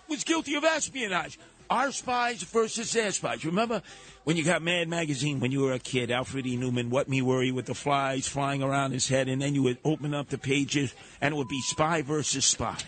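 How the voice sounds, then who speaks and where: A man hosting a radio talk show, delivering a sarcastic, animated monologue. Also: fairly high pitch, normal speed, faint music behind. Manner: sarcastic, animated, mocking put-on voices.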